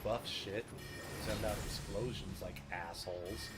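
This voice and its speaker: A man with a fairly low voice talks through his game in a lively, swinging pitch, joking and cursing, sometimes yelping loudly. Game music plays clearly behind him. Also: moderate pace. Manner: joking, swears a lot, sudden loud outbursts. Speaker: streamer. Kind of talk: gameplay commentary.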